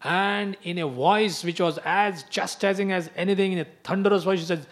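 A male preacher telling a sacred story in an animated sermon and acting out the characters. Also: high voice, normal speed.

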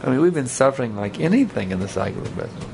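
Male speaker, gravelly, mid pitch, casual joking sermon style, faint hiss behind. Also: very animated, racing. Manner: conversational, rambling, joking asides. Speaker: spiritual teacher. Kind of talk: sermon with audience banter.

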